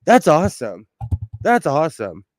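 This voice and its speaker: A man's voice: fairly high pitch, wildly swooping pitch, normal speed, no room sound, faint music behind. A man from Southern California with a Southern Californian accent, chatting casually with his chat while hosting a sewing livestream at home and laughing often. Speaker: livestream host.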